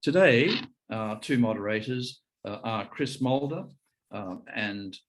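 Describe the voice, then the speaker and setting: A man's voice: fairly low pitch, unhurried, poor audio. A man hosting a webinar, introducing speakers formally with frequent hesitations. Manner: hesitant, many fillers. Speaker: webinar host.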